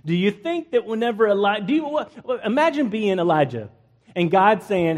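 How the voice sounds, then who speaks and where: A male pastor with a fairly high voice delivers a relaxed, conversational sermon. He jokes with his listeners and acts out the people in the story as he goes. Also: normal speed. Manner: acts out biblical characters in playful asides, jokes with the congregation.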